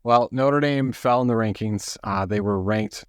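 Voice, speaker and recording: Rambling middle-aged man, low dry voice. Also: a little slow, smooth, no room sound. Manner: rambling, self-interrupting storyteller. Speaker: podcast co-host. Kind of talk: casual sports chat.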